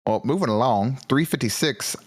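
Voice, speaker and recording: A man co-hosting a casual music podcast, rambling with halting restarts. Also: mid-range voice, animated, breathy edge. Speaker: podcast co-host. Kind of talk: casual chat. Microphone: headphones, remote call.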